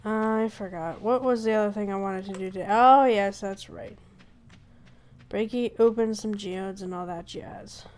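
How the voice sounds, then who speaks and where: A woman streamer giving casual, excitable commentary as she plays a game, talking to herself. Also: medium pitch, a little slow. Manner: chatty, excitable, talks to herself. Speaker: gaming streamer. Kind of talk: casual let's play commentary.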